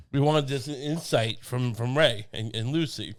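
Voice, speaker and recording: A young man co-hosting a podcast, talking in a rambling, deadpan comic way with many restarts. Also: medium pitch, brisk, hardly any pauses. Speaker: podcast co-host. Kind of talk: casual comedic chat. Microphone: studio podcast mic.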